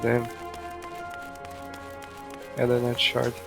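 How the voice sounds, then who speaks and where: A man from Brazil, speaking English as an in casual voice chat, halting and searching for words. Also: medium pitch, monotone, vocal fry. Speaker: friend playing along. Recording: game music behind voice.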